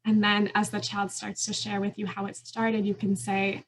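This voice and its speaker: A woman's voice: medium pitch, completely flat delivery, moderate pace, few pauses, poor audio. A woman lawyer giving an earnest, explanatory conference presentation with occasional fillers. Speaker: immigration attorney.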